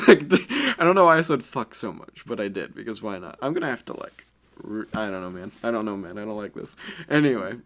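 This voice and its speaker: A man's voice: fairly low pitch, very animated, a little fast, fairly bright tone. A man improvising a fan story in a rambling, crude and self-conscious way.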